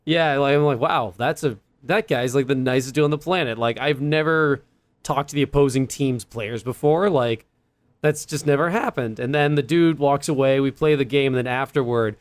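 A man's voice: medium pitch, moderate pace, dry recording. A young man, a podcast co-host rambling through a story in casual chat with fillers and laughs.

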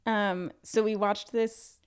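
A woman's voice: medium pitch, fairly even intonation, slow pace, clean tone. A young woman from Canada co-hosting a podcast, talking casually with lots of filler words and frequent swearing. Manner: chatty, swears freely, many filler likes. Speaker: podcast co-host. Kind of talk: casual chat.

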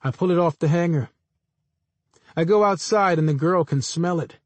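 A man reading first-person literary fiction aloud in a measured, understated way. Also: on the high side, dry recording. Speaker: audiobook narrator.

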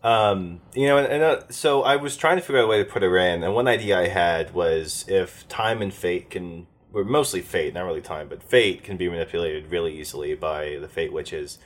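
A man's voice: deep voice, brisk, hardly any pauses. A man who ran a tabletop game, talking it over casually and rambling with many fillers and restarts. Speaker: game master. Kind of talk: casual post-game chat.

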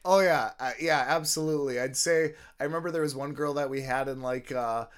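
A young man, speaking in an even, ordinary middle register. He tells his stories in a relaxed, easygoing way, dotting them with ums and "you know". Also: medium pitch, fairly quick, smooth. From United States. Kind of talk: casual chat.

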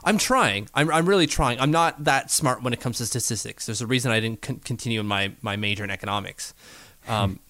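A man's voice: mid-range voice, a little fast, bright, forceful tone, dry recording. A man co-hosting a casual sports podcast, chatty and rambling, often restarting his sentences. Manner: chatty, rambling, self-correcting. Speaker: podcast co-host.

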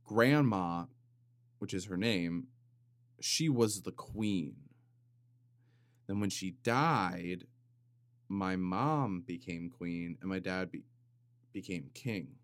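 A man hosting a comedic solo podcast, rambling in a deadpan way with sudden loud bursts and some vocal fry. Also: deep voice, slow, long pauses, dry recording. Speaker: podcast host. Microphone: studio microphone.

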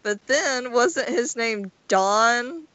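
A woman's voice: fairly high pitch, lively intonation, very slow, a bit bright, no room sound, rough recording. A woman co-hosting a casual podcast, joking and teasing, with rambling asides. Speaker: podcast co-host. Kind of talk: casual chat.

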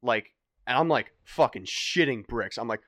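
Animated young man telling a wild story. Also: mid-range voice, normal speed, no echo. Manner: animated, swearing, acts out voices loudly. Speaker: podcast guest. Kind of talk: casual storytelling chat.

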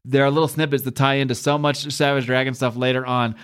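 A man's voice: mid-range voice, little pitch movement, fast, fairly bright tone, clean tone. Enthusiastic male podcast host, casual and profane. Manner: enthusiastic, laughs often, swears casually. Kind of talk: casual comic-book commentary.

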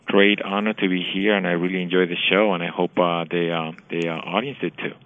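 A man's voice: low-pitched, steady tone, a little fast, narrow, tinny audio, a little hiss or hum. A male business executive, a guest on a radio interview, agreeable and given to short affirmations. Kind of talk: interview conversation.

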